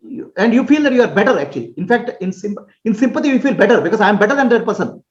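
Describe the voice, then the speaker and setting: A spiritual teacher answers questions in a talk, illustrating his points with homely examples, checking his listeners understand, and often chuckling. His voice sits high with lively intonation and moves very fast. The recording is roomy, dull and lo-fi.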